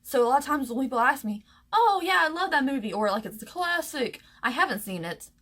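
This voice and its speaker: A young woman from the American South telling a personal story to camera, emotional and halting, close to tears, with many fillers and restarts. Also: high voice, big pitch swings, fairly bright tone. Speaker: vlogger.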